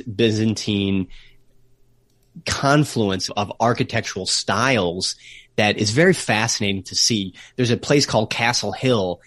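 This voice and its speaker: A man co-hosting a travel podcast over a remote call, explaining places at length and slowing down to stress key words. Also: fairly low pitch, fairly bright tone, no echo, studio quality. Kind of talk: casual podcast chat.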